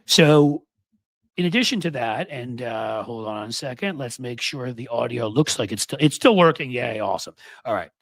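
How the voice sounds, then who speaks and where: A New York City man in his fifties hosts a political commentary monologue, adding sarcastic, mocking asides. His mid-range voice is creaky and expressive, at a moderate pace, captured on a studio microphone with no room sound.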